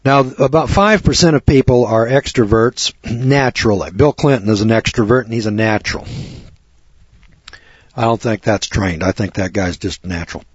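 A man's voice: on the low side, moderate pace, breathy edge, dry recording. A man preaching a sermon in a blunt, folksy, crude manner, recorded on a dull lo-fi recording.

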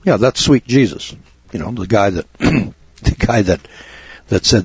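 Blunt, husky-voiced lay preacher, a man. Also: fairly low pitch, expressive, unhurried, long pauses, dry recording, highs cut off. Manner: blunt, folksy, rough-spoken. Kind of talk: informal sermon.

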